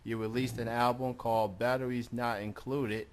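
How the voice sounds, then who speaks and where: A man hosting an internet radio show, interviewing a caller in a relaxed, halting way with many fillers. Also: mid-range voice, a little hiss or hum. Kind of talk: casual call-in interview.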